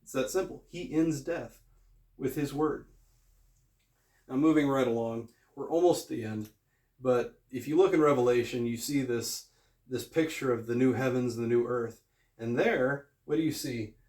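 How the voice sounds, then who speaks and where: A man talks through a Bible lesson in a relaxed, conversational way, hammering points home by repeating phrases. His voice sits at an ordinary middle pitch. The recording carries a noticeable echo from the room around him. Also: moderate pace. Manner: conversational, emphatic, repeats phrases while teaching. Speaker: Bible teacher. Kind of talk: casual video Bible lesson. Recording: echoey room.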